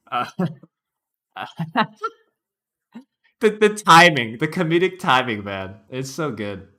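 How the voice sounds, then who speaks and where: A man's voice: on the high side, sing-song, takes it slowly, long pauses, bright, forceful tone, slight background noise. A man streamer giving casual reaction commentary, laughing often and joking around.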